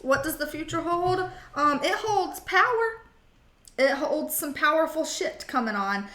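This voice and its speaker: A woman's voice: high voice, expressive, unhurried, bright, forceful tone, roomy sound. Sassy, blunt woman reading tarot. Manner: blunt, sassy and playfully profane. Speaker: tarot reader.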